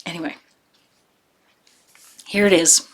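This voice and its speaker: Woman, cross-stitch vlogger, unhurried, gushing, sentimental. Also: on the low side, steady tone, fairly bright tone. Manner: chatty, gushing, full of fillers. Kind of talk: casual chat to camera.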